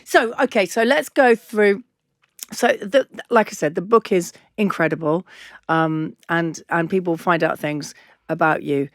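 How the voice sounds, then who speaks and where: A woman's voice: fairly low pitch, a little slow, dry recording, studio quality. An English woman in her fifties hosting an interview, effusive and emotional. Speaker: podcast host. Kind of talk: casual chat.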